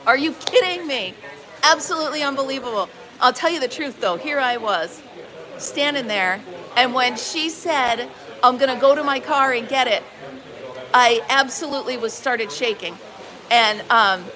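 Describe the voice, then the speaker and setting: Woman host, high voice, exclaiming, chatting live from a busy market barn full of noisy crowd. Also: normal speed. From upstate New York. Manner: animated, exclaiming, acts out quoted dialogue. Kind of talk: casual storytelling to live viewers. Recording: busy crowd noise behind.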